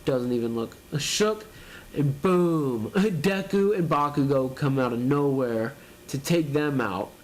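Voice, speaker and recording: A man's voice: medium pitch, slight background noise. A man reading a manga chapter aloud and reacting, narrating panels casually and laughing often.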